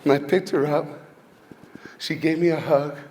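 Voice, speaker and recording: A man's voice: on the high side, steady tone, moderate pace, a little mellow, slight background noise. Man telling personal stories to a hall. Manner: personal storytelling with rhetorical questions. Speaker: motivational speaker. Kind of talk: inspirational speech to a school audience. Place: large hall with an audience. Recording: long hall reverb, faint ambience.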